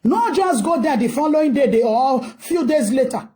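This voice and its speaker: A woman's voice: sits high, lively intonation, normal speed, mellow. A Nigerian woman giving ranting commentary, scolding and asking rhetorical questions in a mix of English and Pidgin.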